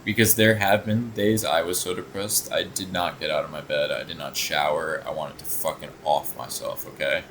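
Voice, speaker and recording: A man's voice: deep voice, level tone, normal speed, hardly any pauses, noisy background. A man hosting a reaction video, talking casually in a blunt, sarcastic way and swearing often.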